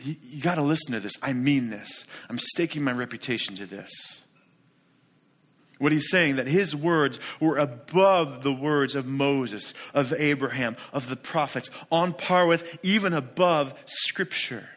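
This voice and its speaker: A pastor in no hurry preaches in a mid-range voice. He's emphatic throughout, asking question after rhetorical question and alternating soft asides with loud declarations.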